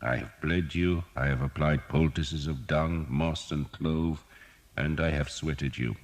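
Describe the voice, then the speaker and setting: A man voicing a cheerful, sardonic old male doctor who teases slowly and deliberately. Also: a bass voice. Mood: wry. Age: older. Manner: wry, teasing, slow and deliberate.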